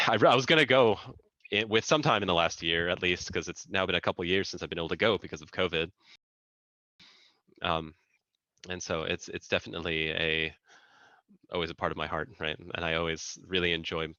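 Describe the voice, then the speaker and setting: A man's voice: deep voice, pushed and bright, no room sound. A man in his thirties, a guest engineer chatting casually in an interview, talking in loose sentences full of fillers and restarts. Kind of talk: casual conversation. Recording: dull lo-fi sound.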